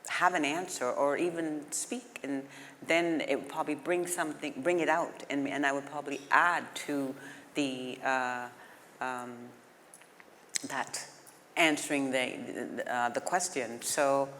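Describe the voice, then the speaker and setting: A workshop participant answering in a hesitant, halting way with many pauses and fillers. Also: medium pitch, fairly even intonation, fairly bright tone. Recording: echoey hall with faint noise.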